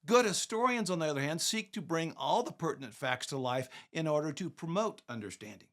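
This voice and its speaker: A man hosts his own podcast, his voice sitting somewhat high. He reads prepared commentary emphatically and keeps turning to the listener with rhetorical questions. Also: expressive, a little fast, fairly bright tone. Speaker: podcast host.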